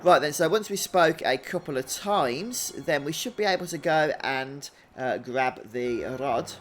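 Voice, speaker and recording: A man hosting a video game walkthrough in a relaxed, chatty way, thinking out loud as he plays. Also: on the high side, measured pace, slight background noise. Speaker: gaming channel host.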